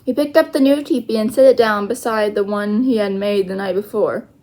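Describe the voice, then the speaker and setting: A woman reading a children's chapter book aloud, slowly and carefully, with small self-corrections. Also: medium pitch, darkish tone. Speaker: storyteller.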